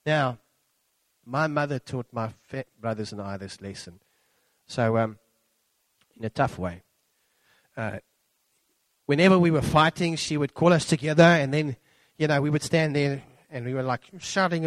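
A middle-aged man preaching a sermon, animated and acting out quotes with big swings in pitch. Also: normal speed, no echo.

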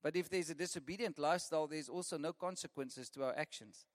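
High-voiced preacher, echoing hall. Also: male voice, quick pace. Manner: lively preaching, laughing often, repeating lists. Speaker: pastor. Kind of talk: sermon. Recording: long reverb of a church hall.

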